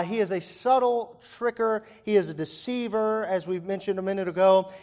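Male pastor, young, slightly high voice; relaxed, chatty preaching style with crowd questions. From Virginia. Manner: conversational, asks the congregation questions, wry asides. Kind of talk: sermon. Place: church hall before a congregation.

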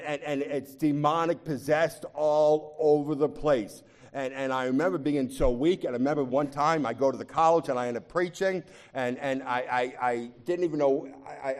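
A man preaching a sermon, shifting from quiet, confiding talk to loud, impassioned pleading, often repeating words as he restarts. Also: medium pitch. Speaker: pastor.

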